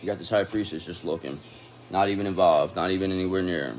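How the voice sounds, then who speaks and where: A man's voice: sits low, fast, darkish tone. Angry, cursing man reading tarot. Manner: angry, profane and confrontational. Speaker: tarot reader. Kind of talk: casual tarot reading monologue.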